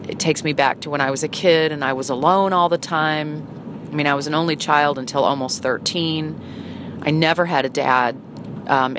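A middle-aged woman telling a personal story in a halting, hesitant, earnest way. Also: sits low. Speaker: vlogger. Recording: noisy, with vehicle sounds behind.

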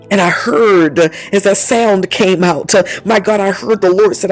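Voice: medium pitch, measured pace. A prayer leader fervently interceding, repeating invocations, breaking into tongues and speaking prophetic words over one listener. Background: faint music.

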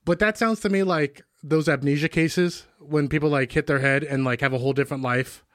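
A man in casual banter, cracking crude deadpan jokes. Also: on the high side, fairly quick, dry recording, clean studio sound.

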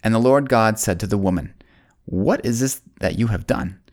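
A man tells a Bible story to children in a folksy way, speaking directly to the kids. On solemn points he slows down and lowers his voice.

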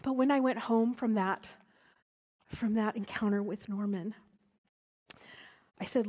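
A middle-aged woman preaching, telling a personal story in an earnest way that drops to a soft hush at tender moments. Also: a little high, animated, a little slow, long pauses. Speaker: speaker at a church service. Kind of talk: storytelling sermon.

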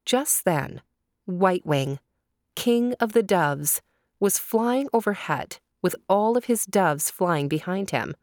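A woman telling a children's story, gentle and deliberate, pausing to ask her young listeners questions. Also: medium pitch, animated, no echo, studio quality.

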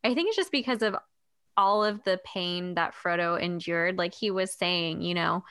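Bright-voiced woman podcast co-host. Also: on the low side, moderate pace, smooth. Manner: thoughtful, explains her reading at length. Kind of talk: casual chat.

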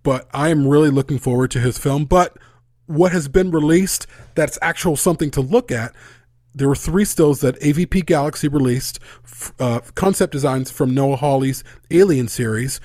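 A man's voice: fairly high pitch, normal speed, darkish tone, dry recording, clean studio sound. A man hosting a podcast, chatting casually and enthusiastically about upcoming film and book news. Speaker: podcast host.

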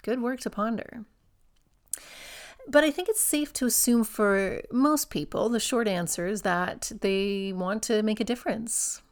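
A woman's voice: mid-range voice, unhurried. Encouraging woman hosting a yoga-teacher podcast. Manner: warm, encouraging, asks the listener questions. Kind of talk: reflective solo podcast talk.

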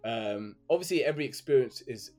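A man's voice: mid-range voice, lively intonation, fairly quick, a little mellow, faint music behind. Young man, interview guest, loose chatty storytelling style. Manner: chatty storytelling, filler words. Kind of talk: casual interview chat.

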